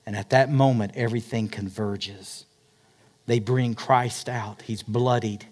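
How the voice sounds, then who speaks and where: A man preaching a sermon, retelling a story dramatically, swinging between loud emphatic peaks and hushed, quiet passages. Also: medium pitch, steady tone, measured pace. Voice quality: dramatic storyteller, rising to near-shouts then dropping to hushed tones. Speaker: pastor.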